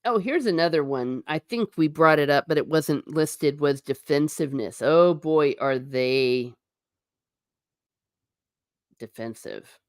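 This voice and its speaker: A woman's voice: deep voice, slow pace, dry recording, studio quality. A woman hosting a casual livestream, chatty and emphatic, reading viewer comments aloud and answering them. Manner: chatty and emphatic, repeating for effect. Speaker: livestream host.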